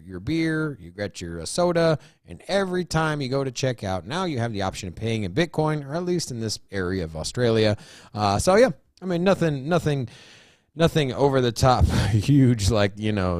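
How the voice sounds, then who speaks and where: A man with a low voice talks loosely through his ideas, circling back with restarts and filler. The recording is dry and close. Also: darkish tone, no room sound. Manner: rambling, with lots of restarts and "you know"s. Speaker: co-host. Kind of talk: casual chat.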